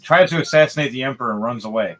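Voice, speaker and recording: A man narrating as dungeon master of a tabletop game, animated, rambling and profane. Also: mid-range voice, racing.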